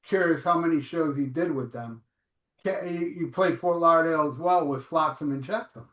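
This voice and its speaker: Male host, hesitant questioner; slightly high voice, echoey room, off-mic. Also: normal speed, a bit bright, distant mic. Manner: hesitant, searching for words. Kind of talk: casual interview.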